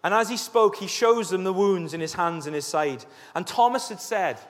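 Man, pastor, lively storytelling sermon, fairly high voice, long hall reverb. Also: normal speed. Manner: lively storytelling, acting out scripture scenes.

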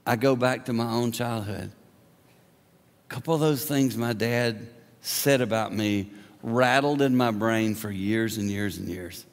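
Impassioned preacher in a reverberant hall. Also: male voice, a little slow. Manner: impassioned, swings between booming and hushed. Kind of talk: sermon. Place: church sanctuary.

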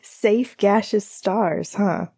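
A woman reading aloud who voices a quiet, homesick young male athlete, speaking softly with a subdued, wry edge. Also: medium pitch, extremely slow, gravelly, husky, exaggerated voice. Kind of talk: audiobook character voice.

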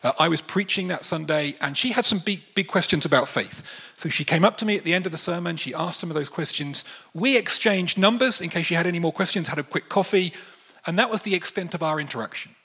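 A man preaching a sermon, telling a personal story and acting out the voices in it with animated swings. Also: quick pace, husky. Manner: animated, acts out dialogue with wide pitch swings.

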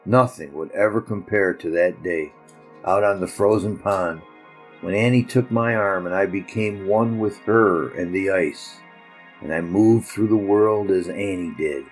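A man narrating a story with a measured, reflective telling. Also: low-pitched, soft background music, low-quality recording.

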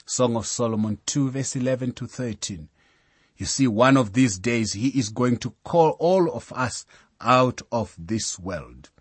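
A male preacher giving measured Bible teaching, telling a story and citing scripture verses. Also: medium pitch, expressive, husky, no echo. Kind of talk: sermon-style Bible teaching.

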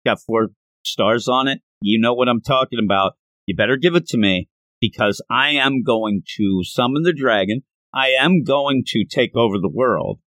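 A man's voice: medium pitch, moderate pace, a bit bright, no echo, lightly acted. A man voicing a pompous, short-tempered villain emperor from a comic, making bossy, threatening demands. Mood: demanding.

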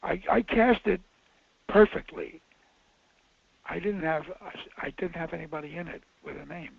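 Older man, raised pitch, husky rasp, rambling interview anecdotes, dull muffled audio. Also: moderate pace, dry recording. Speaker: film director interviewed. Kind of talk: casual interview storytelling.

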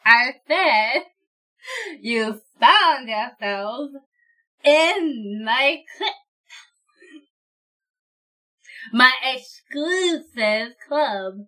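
A woman voicing a haughty male lich, skeletal and refined, speaking slowly with prim disdain. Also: high voice, expressive, pushed and bright, exaggerated voice. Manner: slow, haughty and precious. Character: snobbish male lich with a worm in his throat.

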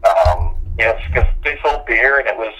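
A man in casual conversation telling stories of a past job, lively and quick to laugh, with frequent ums. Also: on the low side, husky, rough recording. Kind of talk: casual chat.

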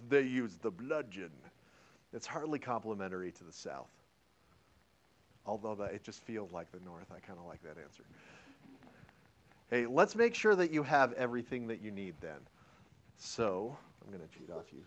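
A man's voice: on the low side, moderate pace, long pauses. A male history teacher lecturing a classroom, joking around and quizzing his students as he goes. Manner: animated, joking, and asks the class questions.

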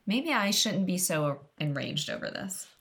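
A young woman talking casually about a book with friends. Her voice is somewhat low but bright and forceful. She speaks expressively, laughs often, and drops into a lower voice when she reads quotes. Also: very animated, a little slow. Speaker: book discussion co-host. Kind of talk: casual chat.

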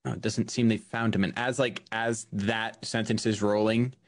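A tabletop player with a lowish voice hesitantly explains what his character does, speaking at normal speed with flat delivery in a casual game.

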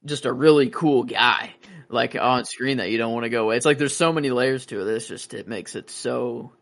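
A man's voice: medium pitch, a little fast, vocal fry, fairly bright tone. A man co-hosting a TV rewatch podcast, talking in a rambling way with many fillers and acting out his own reactions. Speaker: podcast co-host. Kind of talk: casual chat.

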